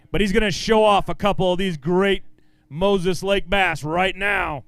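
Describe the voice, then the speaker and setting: An upbeat man running a live tournament weigh-in, his voice sitting high for a man and coming through smooth and resonant. He calls out each weight and name with a booming lift, then drops into easy banter. The sound is dry and close on a handheld mic. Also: a little slow, fairly bright tone, no room sound. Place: outdoor fishing tournament weigh-in stage.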